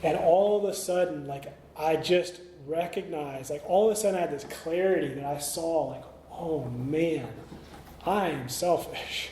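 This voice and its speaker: A man's voice: on the high side, normal speed, few pauses, warm tone, a little hiss or hum. A middle-aged man speaking at a recovery meeting, telling his story candidly with many fillers and restarts. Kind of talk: recovery talk. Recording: echoey meeting room, faint ambience.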